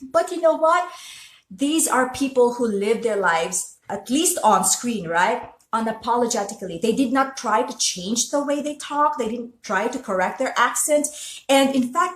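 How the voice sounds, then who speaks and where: A woman's voice: fairly high pitch, echoey room. A woman from the Philippines with a Filipino accent, talking earnestly and chattily to her viewers in a casual motivational talk. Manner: earnest and chatty, with frequent restarts and laughs. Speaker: host.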